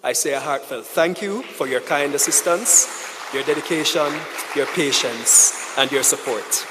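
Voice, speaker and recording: A man's voice: a little high, lively intonation, a bit bright, a little hiss or hum. Man giving a speech in a reverberant hall. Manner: measured, emphatic, rising to a rallying close. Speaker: conference speaker, head of a government office. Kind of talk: formal speech with thanks and a closing charge. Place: large conference hall.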